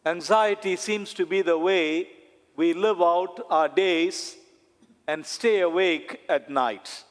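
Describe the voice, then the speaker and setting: A man, a priest, preaching a sermon slowly and deliberately, with dramatic pauses and repetition. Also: sits high. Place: church. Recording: long church reverb.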